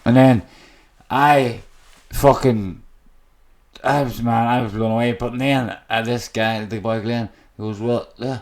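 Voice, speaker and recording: A man's voice: medium pitch, fairly even intonation, measured pace, a little mellow. An Irish man telling his own story as a podcast guest, raw and emotional and swearing constantly. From Ireland. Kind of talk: candid personal storytelling. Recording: echoey room.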